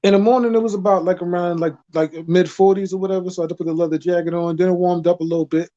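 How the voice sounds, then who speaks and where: A man joining a livestream as a guest, chatting casually with animated, slangy storytelling. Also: high voice, racing, muffled recording. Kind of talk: casual chat.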